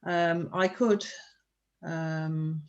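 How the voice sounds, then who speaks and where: An older woman, a student translating a text aloud in class, halting and checking words as she goes. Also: deep voice, fairly even intonation. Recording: dull video-call audio.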